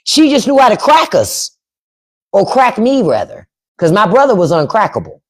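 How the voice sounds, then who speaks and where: A woman in her fifties hosts a casual podcast livestream in a mid-range voice with huge pitch swings at normal speed. Blunt and profane, she laughs as she quotes her elders, heard through a phone or webcam mic.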